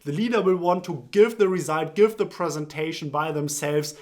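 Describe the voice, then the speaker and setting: A man, a career coach and former consultant, gives clear, instructive advice to camera and acts out example phrases. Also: fairly high pitch, moderate pace. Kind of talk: scripted advice talk to camera.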